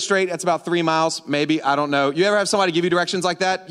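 A man's voice: on the high side, fast, few pauses, a bit bright. A man from Louisiana preaching a sermon on stage in a large church, telling a road-trip story in a casual, joking way. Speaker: pastor. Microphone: stage microphone. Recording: long hall reverb.

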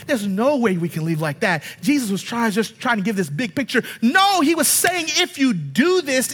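A man preaching a sermon, animated and emphatic, asking rhetorical questions and swinging between loud and hushed passages. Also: very high voice, in a large hall.

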